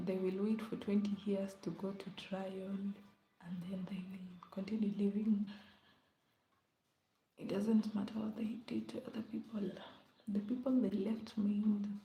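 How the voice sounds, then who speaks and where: A woman's voice: mid-range voice, vocal fry, mellow, a little hiss or hum. A woman chatting casually on a live stream, rambling and often dropping into a whisper. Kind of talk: casual late-night live chat. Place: indoor room at home. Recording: echoey room with faint ambience.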